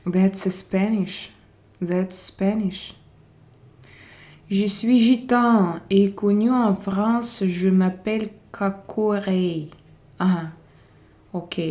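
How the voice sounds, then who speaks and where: A woman's voice: mid-range voice, mellow. A woman from Russia, hosting a casual live-stream chat and greeting viewers by name while switching between English, Spanish and French. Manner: unhurried, drawn-out phrasing.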